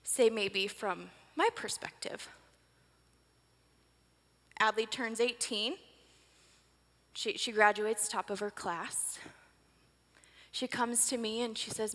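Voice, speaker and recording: A woman's voice: a little high, fairly even intonation, slow pace, pauses often, fairly bright tone. A woman, giving a casual sermon talk in a chatty, filler-heavy way with laughing asides. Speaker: church speaker. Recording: reverberant hall.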